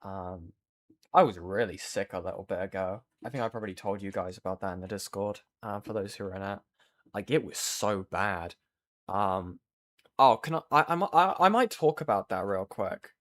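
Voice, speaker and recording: A man streaming, chatting casually with viewers and rambling through a story with lots of fillers. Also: lowish voice.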